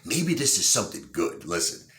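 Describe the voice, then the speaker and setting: A man voicing a lonely, easily shocked hotel guest who jumps to high shrieks of disgust. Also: sing-song, normal speed, sharp tone. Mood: scheming.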